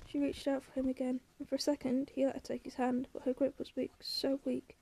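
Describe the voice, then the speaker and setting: Woman narrating in a high, mellow voice. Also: completely flat delivery, gravelly, husky. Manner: quiet, measured, unhurried storytelling. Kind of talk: audiobook reading.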